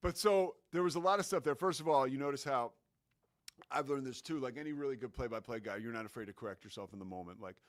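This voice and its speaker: A man's voice: mid-range voice, fast, slight background noise. A man hosting a sports talk show, talking about broadcasting in an enthusiastic, casual way with many fillers.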